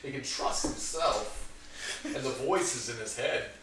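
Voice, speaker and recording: A man's voice: mid-range voice, takes it slowly, crowd noise, close to an everyday voice. A man playing a rambling loner talking to himself. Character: wandering loner man who talks to himself. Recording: distant, echoey room, noise.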